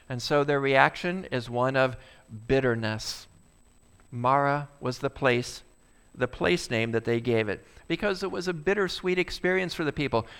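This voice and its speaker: A man's voice: mid-range voice, fairly bright tone, clear, resonant tone. Resonant-voiced preacher man. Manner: preaching with rhetorical questions to the congregation. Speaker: pastor. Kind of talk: sermon.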